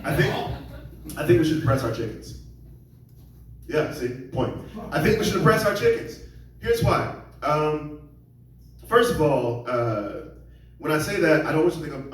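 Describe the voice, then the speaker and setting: A man's voice: on the high side, big pitch swings, normal speed, long pauses. A man doing a rambling, self-deprecating stand-up set on a comedy club stage, slipping into voices for the people he quotes. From Seattle area. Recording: very echoey room, mic at a distance.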